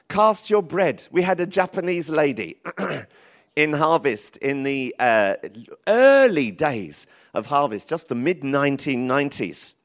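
Guy preaching in church, kinda high voice, lively and emphatic. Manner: lively, rising to emphatic calls, with many restarts. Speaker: pastor. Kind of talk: sermon.

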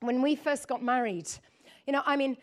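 A woman preaching a lively sermon, joking with her audience and acting out scenes. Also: high voice, normal speed. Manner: animated, laughing, acts out voices.

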